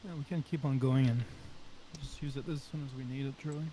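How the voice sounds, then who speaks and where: Relaxed, hesitant tabletop player man. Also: mid-range voice, fairly quick, slight background noise, low-quality recording. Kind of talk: casual chat during a tabletop game.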